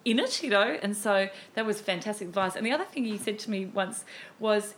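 Aussie woman chatting, lively storyteller, acts out her old self, faint hiss behind. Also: mid-range voice, a little fast. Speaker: guest, cabaret performer. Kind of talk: casual chat.

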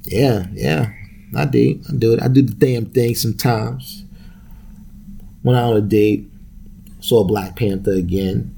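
A man's voice: medium pitch, a little slow, vocal fry, long pauses, mellow, slight background noise. A man hosting a solo podcast, talking in a loose, profane, rambling way and laughing often. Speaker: podcast host. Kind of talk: casual solo podcast rant.

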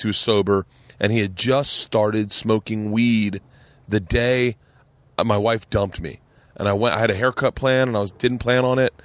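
A man's voice: on the low side, no echo. A man hosting a podcast, chatting casually, rambling through stories and acting out what people said. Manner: rambling storyteller, acts out quotes, swears freely. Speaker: podcast host. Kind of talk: casual chat.

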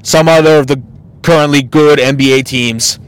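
A podcast host runs a casual solo show, ranting bluntly and mockingly with lots of swearing, sounding exasperated. His voice is fairly high, clear and resonant, with fairly even intonation at a normal speed, in a dry recording.

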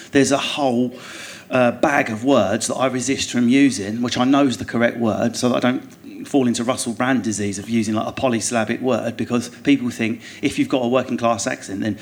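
Essex-accented male comedian, animated, laughing guest talk. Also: medium pitch, brisk, few pauses. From England. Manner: animated, laughing, swearing storyteller. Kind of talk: podcast conversation. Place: theatre stage before an audience.

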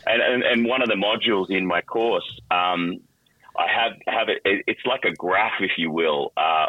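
A middle-aged voice actor in a casual interview, talking animatedly with lots of restarts. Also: male voice, low-pitched, dry recording, narrow, tinny audio. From Australia. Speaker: voice actor and guest.

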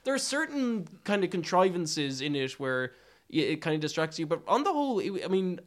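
Male podcast film reviewer, somewhat high voice, animated, stumbles and restarts often. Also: brisk. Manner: animated, pitch jumps up when incredulous. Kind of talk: casual film review chat.

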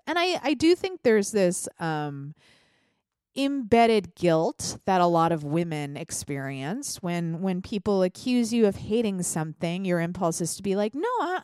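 A woman hosts her podcast alone in a chatty, blunt way. Her voice is stuffy from a sinus infection, and her pitch swings widely as she talks. The sound is close and dry, with no room around it. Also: no echo. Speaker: podcast host. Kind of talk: solo political podcast commentary.

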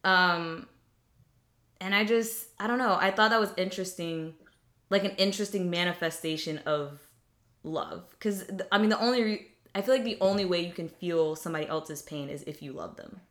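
A woman's voice: fairly low pitch, normal speed, a bit bright. A young woman talking casually and reflectively about faith, with many fillers and restarts.

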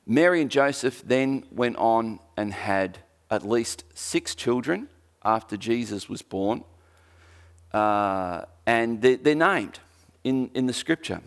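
A man with a gravelly, creaky voice gives a relaxed church sermon. He talks to the congregation in a chatty, joking way and keeps restarting his sentences. His pitch sits at an ordinary middle level for a man. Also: slow. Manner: conversational, jokey preaching with repeated restarts. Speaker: pastor.

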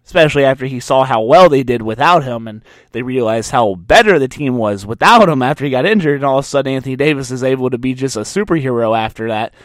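A man's voice: mid-range voice, animated, fast, hardly any pauses, no room sound. Sarcastic young man ranting, dry sound. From Louisiana. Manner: sarcastic, mocking, riled up. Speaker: podcast host. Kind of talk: solo sports podcast rant.

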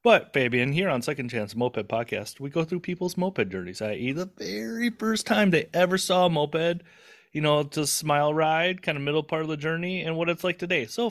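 A man's voice: a little high, fairly bright tone. A man in his forties hosting a laid-back podcast interview. He rambles, pokes fun at himself and drops the odd curse word into his loose, chatty delivery. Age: 40s. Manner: rambling, self-deprecating, swears casually. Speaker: podcast host.

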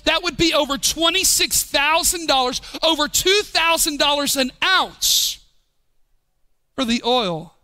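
A man preaching a sermon as pastor, swinging from shouted emphasis to low, quiet drops. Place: church.

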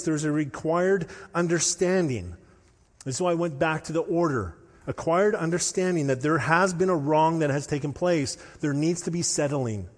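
A man preaching a sermon as pastor, telling stories with animated, rising intensity. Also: on the high side. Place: church hall. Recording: long hall reverb.

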